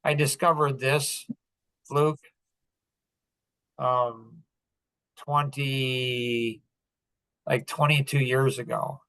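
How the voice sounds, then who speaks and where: Bright-voiced man, rambling coaching talk. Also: mid-range voice, flat delivery, extremely slow, pauses often, no room sound, poor audio. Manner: loose and wandering, with many fillers and restarts. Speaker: coach hosting a group call. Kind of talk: rambling casual teaching.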